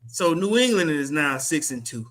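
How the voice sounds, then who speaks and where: A man's voice: a little high, lively intonation, normal speed, fairly bright tone. A man co-hosting a casual sports talk show, stammering and restarting his sentences. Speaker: podcast co-host.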